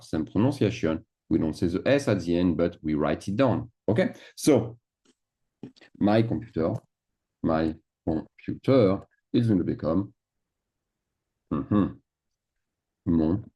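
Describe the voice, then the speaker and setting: A man talks through a grammar lesson, slipping words into his English and asking "d'accord?" as he goes. His voice is low and mellow, and he moves along at an unhurried pace while he explains each form. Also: animated, dull audio. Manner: mixes French into English, checks in with "d'accord?". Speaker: French teacher. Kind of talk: screen-share grammar lesson.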